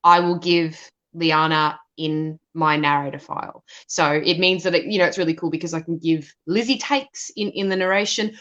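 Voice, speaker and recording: A woman's voice: low voice, steady tone, normal speed, a bit bright. A woman, assistant director and narrator, answering questions at a live Q&A in a thoughtful way, often restarting her sentences. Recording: dull lo-fi sound.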